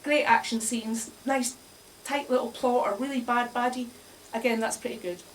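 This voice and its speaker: A woman with a fairly high voice gives a wry, chatty comic talk, laughing often at her own jokes. She is caught by a distant mic, with faint room noise around her voice in a bar. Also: steady tone, moderate pace. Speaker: speaker at a live bar talk. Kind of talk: comic talk to a live audience. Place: bar, indoors, in front of an audience.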